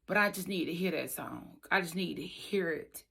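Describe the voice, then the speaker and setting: A woman's voice: fairly low pitch, moderate pace, gravelly, fairly bright tone, breathy edge. A woman telling her own true story in an emphatic way, speaking straight to her listeners. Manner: emphatic, talks straight to the audience. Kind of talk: personal storytelling vlog.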